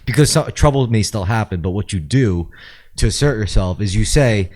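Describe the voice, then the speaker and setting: Man, podcast co-host, assertive, interrupts, gives advice, somewhat low voice. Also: lively intonation, moderate pace, darkish tone. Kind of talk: casual podcast chat.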